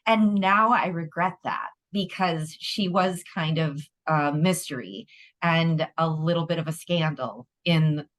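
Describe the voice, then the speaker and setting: A middle-aged woman co-hosting a podcast in casual chat, expressive and quick to exclaim. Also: deep voice. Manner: expressive, exclaims, restarts sentences. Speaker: podcast co-host.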